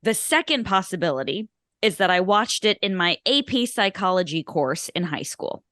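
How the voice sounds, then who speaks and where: A woman's voice: mid-range voice, sing-song, moderate pace, fairly bright tone, no room sound, clean studio sound. Rambling self-mocking woman podcast host. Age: 30s. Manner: rambling, self-deprecating, lots of fillers. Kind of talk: casual chat.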